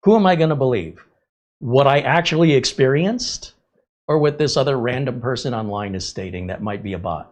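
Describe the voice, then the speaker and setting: Middle-aged male stream host, casual, animated storyteller, laughs easily. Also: mid-range voice, moderate pace. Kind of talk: casual live-stream chat.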